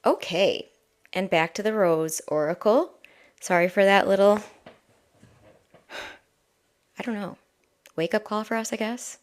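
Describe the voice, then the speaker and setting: A woman giving a live-streamed spiritual oracle reading, talking softly and chattily with many fillers and asides. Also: medium pitch, a little slow, pauses often.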